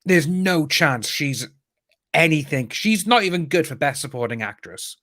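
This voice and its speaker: British man, casual live-stream chat, lively storytelling, dry close sound. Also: fairly high pitch, moderate pace, dry recording. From United Kingdom. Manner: animated, laughing often, quoting people in voices. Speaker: YouTube commentator co-hosting a live stream.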